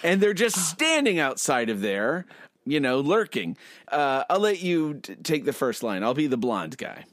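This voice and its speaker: A man's voice: a little high, big pitch swings, unhurried, a bit bright, no echo, studio quality. A man casually chatting on a podcast, describing comic strip panels and laughing often. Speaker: podcast co-host. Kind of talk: casual chat reading a comic strip aloud.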